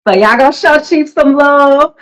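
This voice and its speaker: A woman talks loosely and warmly on a livestream. She chats about spirit and healing in a slangy, easygoing way. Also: sits high, measured pace, low-quality recording. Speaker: livestream host. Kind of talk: casual livestream chat.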